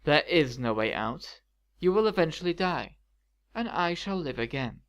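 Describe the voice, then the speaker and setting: A theatrical female sorceress villain sneers and scolds with grand, dramatic flair, as a male reader puts her on. The voice sits a touch high and leans into every flourish, in a storybook-style reading. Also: sing-song, normal speed. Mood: weary disdain. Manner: dramatic, sneering, rising to fury. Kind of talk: audiobook reading of fan fiction.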